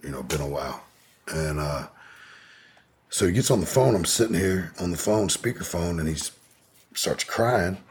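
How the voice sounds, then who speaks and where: A man's voice: deep voice, lively intonation, normal speed, pauses often, a little hiss or hum. A man telling a long personal story as an interview guest, candid and rambling, with frequent profanity and fillers.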